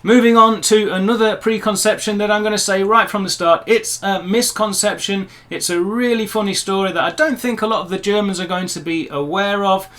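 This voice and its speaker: Man, high voice, casual vlog to camera, chatty, upbeat, playful asides. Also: a little fast, hardly any pauses, a bit bright. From England. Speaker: vlogger.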